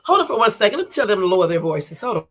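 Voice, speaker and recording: A middle-aged woman hosting her own livestream in a casual, rambling chat, talking very fast. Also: medium pitch, big pitch swings, fairly bright tone, soft background music. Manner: talks very fast, chatty and rambling. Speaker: livestream host.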